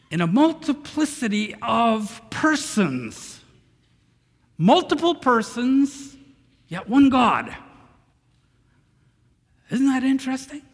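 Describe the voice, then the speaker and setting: A man preaching a sermon as pastor, animated and asking the congregation questions. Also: high voice. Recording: long reverb of a large hall.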